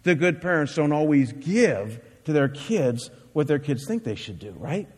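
High-voiced preaching man, reverberant hall. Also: sing-song, moderate pace, darkish tone, breathy edge. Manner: earnest, emphatic preaching with rhetorical questions. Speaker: pastor. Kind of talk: sermon.

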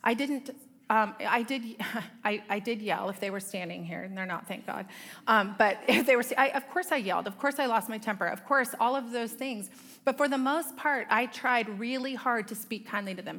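A woman's voice: on the high side, normal speed, fairly bright tone. A middle-aged woman giving a conversational Bible teaching talk to a women's group, with self-deprecating asides to her audience. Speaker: women's ministry speaker.

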